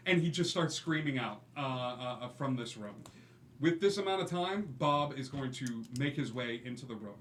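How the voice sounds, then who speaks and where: A man running a tabletop game as game master, narrating the scene in a lively way. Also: mid-range voice, moderate pace. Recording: echoey room with faint noise.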